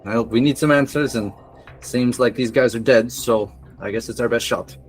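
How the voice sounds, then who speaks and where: A man's voice: mid-range voice, normal speed, soft background music. Laid-back male player. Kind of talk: tabletop game play.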